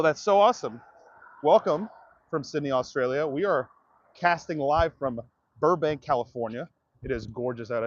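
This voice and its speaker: A man's voice: mid-range voice, lo-fi sound. A man livestreaming outdoors, ranting to his viewers in a profane, direct way. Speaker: comedian livestreamer. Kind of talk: livestream rant to chat.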